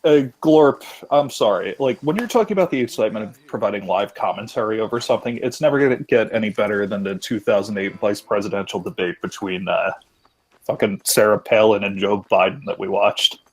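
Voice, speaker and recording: Husky-voiced man chatting over gameplay. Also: on the low side, fast. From South Carolina. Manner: rambling, self-mocking, swears casually. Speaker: let's play streamer. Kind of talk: casual group commentary.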